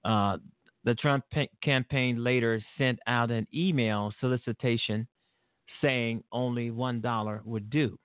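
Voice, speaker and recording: A man hosts his own show and rants in outraged, rambling commentary, often stopping to laugh and restart his sentences. His voice is thin and boxy, as if it came down a phone line, with no room sound around it. He sits at a middle pitch. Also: steady tone, unhurried, smooth, no room sound. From Illinois, USA. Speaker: show host. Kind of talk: solo political commentary. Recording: dry tinny phone-like sound.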